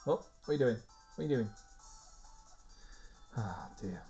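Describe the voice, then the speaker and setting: A man's voice: lowish voice, animated, unhurried, pauses often, mellow, husky, lo-fi sound, faint music behind. A man casually commenting on a video game, chatty and rambling, chatting to his cats as he plays. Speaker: let's play host.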